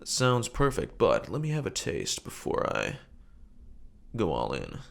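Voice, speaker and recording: A man voicing a fussy, pretentious male bar customer who speaks in an affected, measured way. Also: fairly low pitch, wildly swooping pitch, creaky, exaggerated voice.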